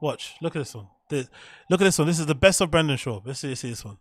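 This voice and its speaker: Man, stream host, profane, incredulous, slightly high voice, dry close sound. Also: animated, quick pace, no room sound. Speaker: show host reacting to clips. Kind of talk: casual livestream commentary.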